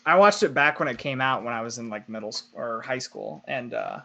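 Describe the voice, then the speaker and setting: A man's voice: medium pitch, a little fast, gravelly, pushed and bright. A young man co-hosting a live podcast, chatting casually, laughing often and reading chat comments aloud. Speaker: podcast co-host.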